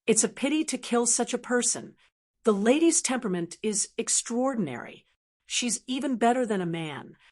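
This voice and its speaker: A woman's voice: a little high, lively intonation, normal speed, darkish tone. A woman voicing a composed young noblewoman who speaks lightly and coolly. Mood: musing. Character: young noblewoman, calm, sharp-tongued clan leader.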